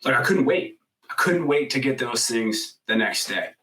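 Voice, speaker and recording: A man in his thirties, a podcast guest telling a personal story in casual interview talk, animated and full of "like" fillers. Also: mid-range voice, normal speed, recorded from a distance, poor audio. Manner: animated storyteller, acts out quoted voices loudly; frequent "like" fillers, swears casually.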